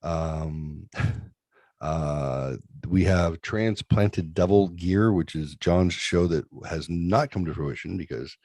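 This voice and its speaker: A man's voice: low-pitched, slow pace, a little mellow, no echo. A middle-aged man hosting a casual talk show, rambling and joking crudely about his kids and streaming. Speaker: podcast host. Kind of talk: casual chat.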